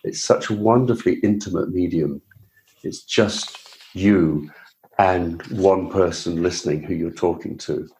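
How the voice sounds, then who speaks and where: An author from England, speaking Received Pronunciation, shares his story in a laid-back interview with plenty of chat and self-deprecation. His voice is low and dark, and he doesn't hurry.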